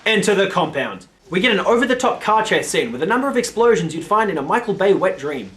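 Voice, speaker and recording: A man's voice: sits high, sing-song, quick pace, a bit bright. A man hosting a film review video, giving blunt, sarcastic scripted commentary and swearing casually.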